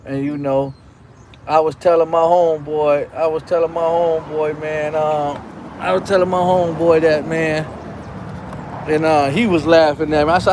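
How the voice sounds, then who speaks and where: A man's voice: fairly high pitch, flat delivery, normal speed, background noise. A man hosting his own show, telling a rambling, profane personal story in a casual, repetitive way. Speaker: show host.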